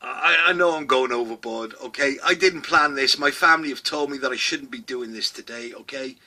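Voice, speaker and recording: A middle-aged man hosting a comedy vlog, ranting loudly, swearing a lot and tagging his lines with "okay?". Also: mid-range voice, fairly quick. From Wales. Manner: loud, sweary, rambling, with constant "okay?" asides. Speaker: vlog host. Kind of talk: satirical comedy rant.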